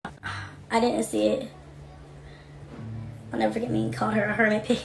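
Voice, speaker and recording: A young adult woman hosting a casual livestream from her home office, reading comments and talking in a blunt, profane, animated way. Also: fairly high pitch, a little fast, vocal fry, roomy sound, soft background music. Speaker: livestream host.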